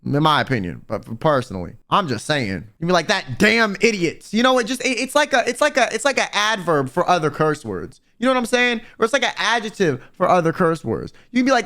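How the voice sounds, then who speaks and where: A young man streaming as a vtuber, joking and rambling to his chat in a casual comedic monologue. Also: high-pitched. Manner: animated, rambling, talks to chat.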